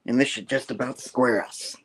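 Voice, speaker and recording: A man voicing a bitter, vengeful woman villain in his own low, muttered voice. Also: steady tone, moderate pace, breathy edge, lightly acted.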